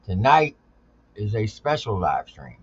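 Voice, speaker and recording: A man's voice: on the low side, very animated, unhurried, slightly rough, no room sound, muffled recording. A man hosting a live stream in casual talk, with hype greetings and laid-back slang.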